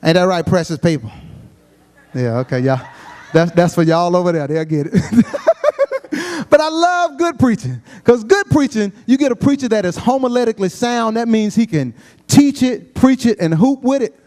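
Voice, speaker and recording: High-voiced man doing stand-up comedy. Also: lively intonation, moderate pace, darkish tone. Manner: Southern Black vernacular, storytelling, laughing at his own jokes. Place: comedy stage before a live audience.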